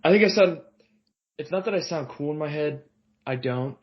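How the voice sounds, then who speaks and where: A man co-hosting a podcast in casual chat, animated, self-mocking and jokey. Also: on the high side, moderate pace, highs cut off. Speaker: podcast co-host.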